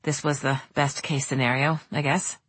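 A woman voicing a practical, unflappable young woman who speaks quietly and matter-of-factly. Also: a bass voice, flat delivery, moderate pace, slightly rough, no room sound, pitched below the performer's own voice, exaggerated voice.

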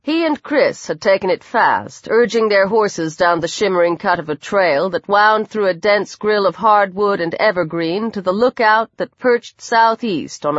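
A woman narrating an audiobook in a measured, steady read. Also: mid-range voice, dry recording. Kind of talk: scripted narration. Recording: dry, dull lo-fi recording.

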